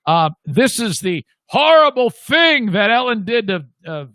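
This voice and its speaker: A man's voice: high voice, big pitch swings, a little slow, sharp tone, no room sound. A middle-aged man hosting a talk show, ranting bluntly with lots of swearing. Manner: blunt, swearing, mocking quoted voices. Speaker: radio show host. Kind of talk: profane ranting commentary.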